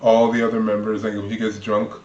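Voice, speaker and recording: A man's voice: on the low side, monotone, fairly quick, dark tone. A man casually commenting as he reacts to video clips, rambling with lots of fillers and laughing often. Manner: chatty, rambling, laughs a lot, many fillers. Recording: roomy, dull lo-fi sound.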